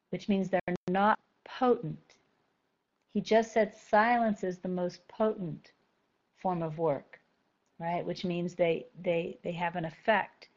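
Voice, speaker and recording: A woman giving a spiritual talk to a group, gentle and thoughtful, repeating key phrases slowly to let them sink in. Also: mid-range voice, muffled recording. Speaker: spiritual teacher.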